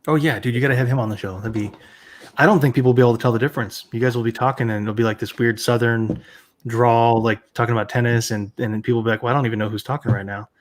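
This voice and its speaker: Male guest, medium pitch, playful and ribbing in easy conversation. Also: fairly even intonation, very fast. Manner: teasing, joking. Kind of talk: casual chat.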